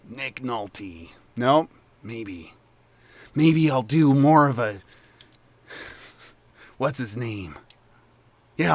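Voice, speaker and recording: A man's voice: mid-range voice, fairly bright tone, no room sound. A man running a tabletop role-playing game who chats, laughs easily and muses aloud about his character voices. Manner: self-deprecating, laughs easily, thinks aloud. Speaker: game master. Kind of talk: tabletop role-play narration and table chat.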